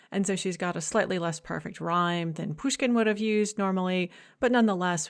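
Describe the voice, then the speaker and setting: A woman giving a recorded lecture, explaining points clearly and stressing key ideas. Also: medium pitch.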